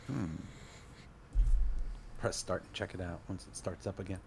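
A man's voice: low-pitched, normal speed, gravelly, slight background noise. A man playing a co-op zombie game with a friend, answering briefly and tossing in dry jokes. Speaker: co-player. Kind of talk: casual gameplay chat.

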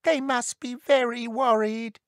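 A woman voicing a young, homesick boy elf in a storybook reading, in slow, gentle delivery. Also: on the high side, fairly even intonation, no echo, close to an everyday voice. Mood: wistful.

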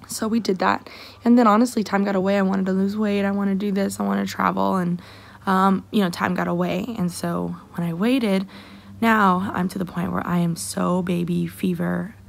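A young woman in a personal vlog, talking softly and emotionally with many fillers. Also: medium pitch, fairly even intonation, moderate pace, creaky. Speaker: vlogger.

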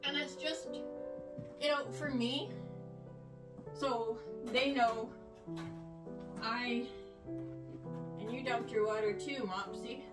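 An older woman showing her rabbits in a casual vlog, rambling with fillers and talking softly to the animals, recorded in a shed. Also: on the high side, fairly even intonation, takes it slowly, pauses often. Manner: soothing, coaxing with animals. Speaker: homesteader. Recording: echoey, distant from the mic, music behind.

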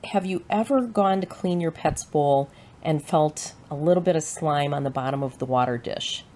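A woman with a Midwestern American accent giving a clear, measured, scripted presentation as a shelter educator. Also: low-pitched, a little mellow.

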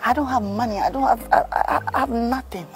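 A man playing a jobless young boyfriend who talks softly and stammers as he pleads. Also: very high voice, fairly quick, creaky. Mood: pleading. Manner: soft, pleading, hesitant with stammers. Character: jobless young boyfriend, apologetic and sweet-talking.

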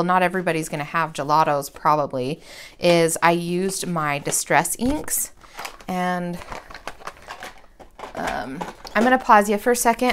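Woman, 30s, lowish voice, rambling self-deprecating craft vlogger talking at her desk. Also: fairly bright tone, slight background noise. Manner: chatty, rambling and self-deprecating, with slangy asides. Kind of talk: casual craft tutorial chat.

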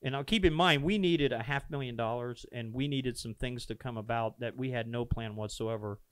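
A man with a smooth, resonant voice tells a personal story on a podcast. He is earnest and animated, acting out each quoted exchange. The sound is dry and close, with nothing heard behind him. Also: medium pitch, normal speed, no room sound. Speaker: pastor telling a founding story. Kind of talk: casual storytelling conversation. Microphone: podcast microphone.

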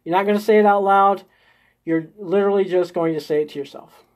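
A man's voice: high-pitched, fairly quick, a little mellow. Man, live-stream host, spiritual coaching, coaxing, step-by-step guidance, frequent check-ins with viewers. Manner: coaxing, checks in constantly with "okay?" and "right?"; guides listeners step by step through an inner exercise. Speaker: host of a live group session.

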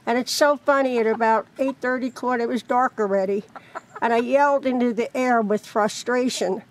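A woman's voice: on the high side, normal speed. A woman chatting casually and rambling, laughing often, outdoors by a chicken coop. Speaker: crochet vlogger. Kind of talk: casual vlog chat.

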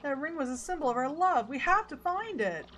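A woman's voice: high-pitched, expressive, fairly quick, a bit bright, slight background noise, pitched above the performer's own voice. A woman voicing a clingy, dramatic female video game character who pouts and makes demands of her husband. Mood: pouty. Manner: melodramatic, pouty.

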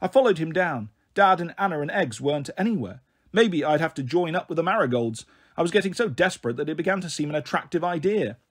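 A man reading a novel aloud in an expressive storybook style, giving voice to the characters' dialogue. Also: fairly high pitch, fast, slightly rough. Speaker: audiobook reader.

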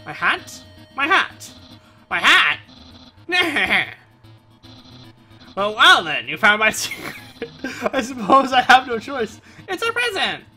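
A man voicing a boastful, theatrical male skeleton in a pompous, shouty, dramatic way, straining his throat. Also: very high voice, sing-song, takes it slowly, pauses often, soft background music, pitched above the performer's own voice, heavily acted. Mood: pompous excited.

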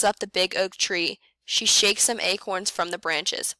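A woman reading a picture book aloud to young children, slow and clear, with playful animal sounds. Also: no room sound. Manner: reads slowly and clearly, voicing animal sounds with lively jumps in pitch. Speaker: first grade teacher reading aloud.

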